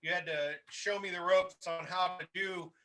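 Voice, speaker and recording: Bright-voiced animated male storyteller. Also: sits high, normal speed. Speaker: host. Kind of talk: casual storytelling chat.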